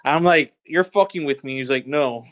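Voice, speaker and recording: A young man co-hosting a podcast over voice chat, telling stories in a halting, stammering way. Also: on the high side. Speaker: podcast co-host. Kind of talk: crude casual banter. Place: online voice chat.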